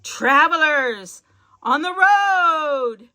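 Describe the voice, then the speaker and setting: A woman voicing a cruel, bossy old witch with a shrill screech in a storybook reading. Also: lively intonation, extremely slow, bright, forceful tone, exaggerated voice.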